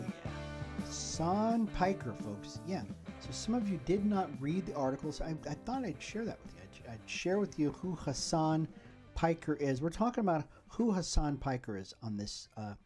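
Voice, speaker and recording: A man's voice: on the high side, dark tone. A man hosting a solo political commentary podcast, talking in a rambling way and often checking in with "okay?". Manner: rambling, repeats "okay?" to the listeners. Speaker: podcast host.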